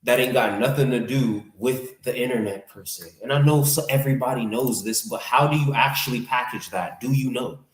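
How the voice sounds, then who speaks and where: A man's voice: mid-range voice, fairly quick, hardly any pauses. Emphatic male guest in an echoey room. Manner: emphatic, explains business terms plainly. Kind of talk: casual conversation.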